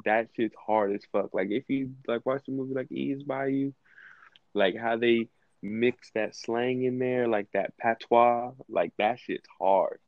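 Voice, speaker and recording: A man's voice: medium pitch, fairly even intonation, a little slow, no echo. A male co-host rambling in casual podcast chat, stringing thoughts together with lots of "like". He swears freely. His voice sounds dry and close, on dull lo-fi audio. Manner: rambling, fills with "like", profane.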